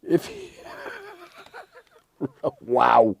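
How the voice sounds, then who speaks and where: A man's voice: mid-range voice, lively intonation, moderate pace, mellow. A middle-aged English man hosting a casual livestream, rambling and self-mocking as he answers the chat. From England. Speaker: livestream host.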